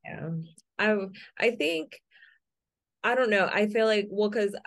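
A woman's voice: mid-range voice, takes it slowly. A woman from California co-hosting a podcast in casual banter; she is blunt, laughs often and swears casually. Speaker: podcast co-host.

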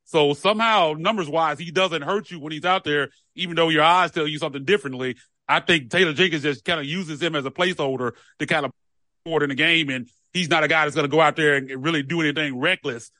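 A man's voice: a little high, quick pace, sharp tone, no echo. A man co-hosting a sports podcast, talking in a rambling, easygoing way with repeated words. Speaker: podcast co-host. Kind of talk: casual sports chat.

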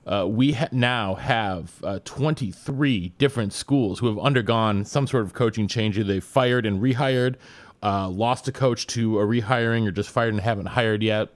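A man's voice: on the low side, dry recording. A man hosting a casual college football podcast, upbeat and chatty, introducing his co-hosts and reading sponsor spots. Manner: upbeat, reads sponsor spots in a brisk promo delivery. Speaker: podcast host. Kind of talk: casual sports podcast chat.

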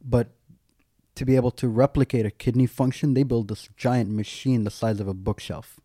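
A man's voice: medium pitch, fairly even intonation, moderate pace, warm tone, dry recording, studio quality. A man, a guest, telling a personal story in candid, casual talk, full of "like" and wry self-mocking humour.

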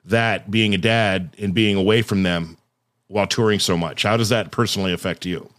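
A man's voice: on the low side, fairly even intonation, moderate pace, fairly bright tone. A man hosting a podcast, joking casually before asking the guest questions. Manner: joking, then turning earnest with questions. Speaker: podcast host.

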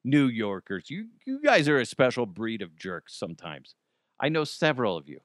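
A man's voice: mid-range voice, sing-song, moderate pace, dry recording, studio quality. A man from Colorado hosting a casual podcast, rambling and joking at his own expense. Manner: rambling, self-deprecating, jokey asides. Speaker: podcast host. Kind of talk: casual solo chat.

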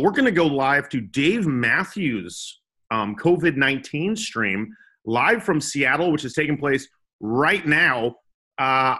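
A man's voice: medium pitch, bright, forceful tone. A young man co-hosting a comedy podcast, joking around and slipping into silly voices. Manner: goofy, puts on silly voices. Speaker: podcast co-host.

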